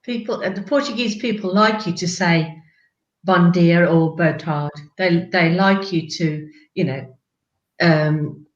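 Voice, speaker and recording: Slow-talking woman on a dull, echoey line. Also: lowish voice. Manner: slow, hesitant, laughs easily.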